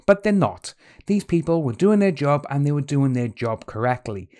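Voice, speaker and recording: A man in a commentary video, ranting with exasperation and scorn. His voice sits a little higher than most men's. He talks in a blunt, dismissive way. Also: very animated, normal speed, a little mellow. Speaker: commentary channel host. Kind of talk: opinionated commentary.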